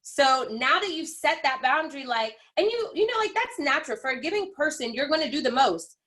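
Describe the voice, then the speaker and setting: Woman host on a video call, bright sharp voice, casual chatty. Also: high-pitched, big pitch swings, fairly quick. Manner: casual, thinking aloud. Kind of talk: casual chat.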